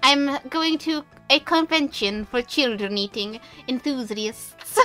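A woman's voice: high voice, slow, pushed and bright, faint music behind, full character voice. A woman playing a child-eating old witch with a put-on Italian accent. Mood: teasing. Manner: exaggerated, sing-song.

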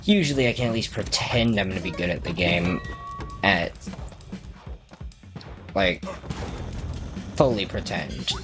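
A man's voice: sits low, expressive, unhurried, pauses often. A man giving rambling, self-deprecating commentary while playing a video game, chatting to the characters on screen. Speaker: gaming video creator. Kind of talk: casual gameplay commentary. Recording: music playing behind the voice.

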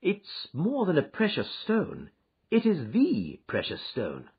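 Brief: male narrator doing a shrewd lecturing detective, husky, slightly high, in a dull lo-fi recording. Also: wildly swooping pitch, full character voice. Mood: grave. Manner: brisk, lecturing, precise. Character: shrewd confident male detective, middle-aged. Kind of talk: audiobook character reading. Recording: dull, muffled audio.

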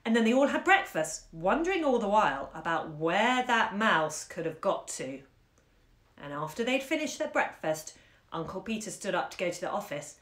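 A woman hosting a bookshop series reads a short story aloud at home into a phone, animated and acting out the action. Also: on the low side. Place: room at home. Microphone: phone on a live stream. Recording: roomy echo.

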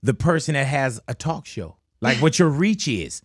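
Lively, animated man hosting an interview. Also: mid-range voice, moderate pace, breathy edge, dry recording, clean studio sound. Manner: laid-back, animated storytelling with slang. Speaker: radio host. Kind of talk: casual interview chat.

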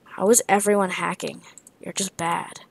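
A woman's voice: lowish voice, steady tone, normal speed, vocal fry, breathy edge. A tired woman giving casual commentary on her own gameplay, rambling and tossing out playful trash talk with muttered asides.

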